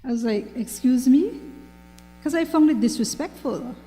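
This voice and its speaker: Belizean woman talk show host, casual advice monologue, chatty and repetitive; warm higher voice, reverberant room. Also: brisk. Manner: chatty, repeats herself, asks "you understand?". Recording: long reverberant room sound.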